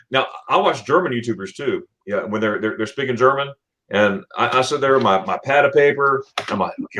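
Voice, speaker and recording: A man's voice: medium pitch, fairly bright tone, low-quality recording. A man hosting a casual live-stream chat, stammering over his words, repeating himself and laughing often. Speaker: channel host.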